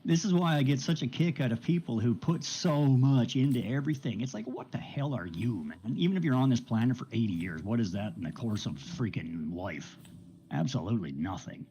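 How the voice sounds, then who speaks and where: A man's voice: medium pitch, expressive, fairly quick, dark tone, a little hiss or hum, low-quality recording. A man streaming games, going off on a rambling, profane rant and often laughing. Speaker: game streamer.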